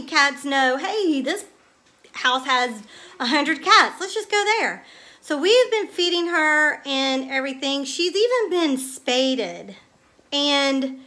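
Excitable, chatty, bright-voiced woman. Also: sits high. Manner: chatty and excitable, swearing, addressing viewers as y'all. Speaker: vlogger. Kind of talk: casual storytelling to camera.

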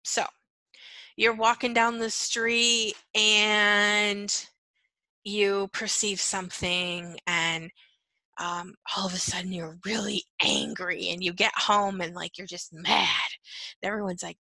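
An empath coach gives a teaching monologue on empathy in a bright, gravelly, mid-range voice, speaking unhurriedly. She is earnest, repeats her key phrases, and checks in with "right?" and "okay." The recording is dry and close, with poor audio quality.

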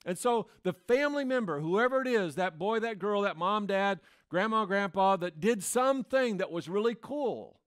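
A man's voice: sits high, animated, moderate pace, hardly any pauses, clean tone. A man preaching a sermon as pastor, in a conversational way that acts out the voices he quotes. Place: church.

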